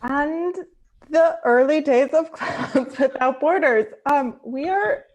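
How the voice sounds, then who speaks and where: A woman's voice: sits high, slow. A woman moderating a panel, cheerfully wrapping up and thanking the guests. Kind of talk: hosting a panel conversation.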